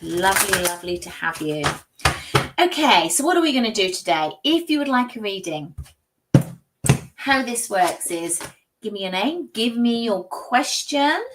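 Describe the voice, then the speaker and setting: A woman's voice: on the high side, background noise. A woman hosting a live tarot stream, chatting and greeting viewers by name. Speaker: psychic tarot reader and livestream host. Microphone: streaming setup.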